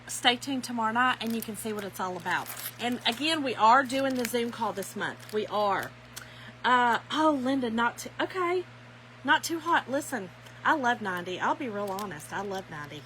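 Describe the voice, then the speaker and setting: A middle-aged woman with a drawl hosts a casual craft livestream from home. Her voice is bright and a little high as she chats with viewers and calls out their names. A faint hum sits under the recording. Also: animated, moderate pace, poor audio. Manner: chatty, greets viewers by name, laughs often.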